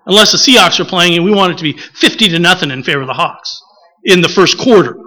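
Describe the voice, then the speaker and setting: A man from the preaching a relaxed, conversational sermon, often pausing with filler words and acting out little stories. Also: high-pitched, low-quality recording. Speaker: pastor.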